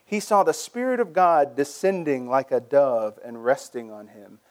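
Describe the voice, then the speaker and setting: Speaking at a normal speed in a mid-range voice, this pastor preaches in an animated, conversational style, frequently repeating words as he begins a phrase.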